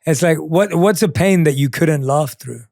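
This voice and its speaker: Soft-spoken male podcast host. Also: a little high, normal speed, gravelly, no room sound, studio quality. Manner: soft short reactions, reflective questions. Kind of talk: interviewing.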